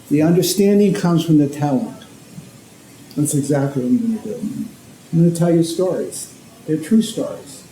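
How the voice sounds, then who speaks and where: A very dark, mellow male voice in a roomy, echoing hall with faint noise behind it. He is a priest from Connecticut giving a loose, conversational lecture, often pausing to ask "okay?" He sounds like he is talking with the audience, not reading to them. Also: a little high, expressive. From Connecticut, USA. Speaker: speaker, priest and ethicist. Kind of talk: informal lecture.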